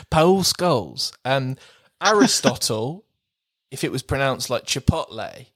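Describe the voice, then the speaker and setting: Slow, playful man. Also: medium pitch, very animated, a bit bright, no echo. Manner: playful, laughs often, reads out word jokes slowly. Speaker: podcast co-host. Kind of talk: casual chat.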